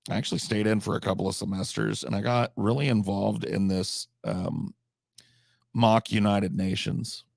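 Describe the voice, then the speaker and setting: A man's voice: lowish voice, steady tone, brisk, gravelly, hardly any pauses, darkish tone, no echo, clean studio sound. A man telling a rambling comic story in a casual, profane, conversational way. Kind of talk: comedic storytelling.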